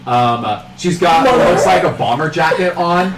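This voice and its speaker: Young man, game master, easygoing narration full of fillers, lively pitch, roomy far-off sound. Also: normal speed. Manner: relaxed, rambling narration with many fillers. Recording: roomy, distant mic with faint noise.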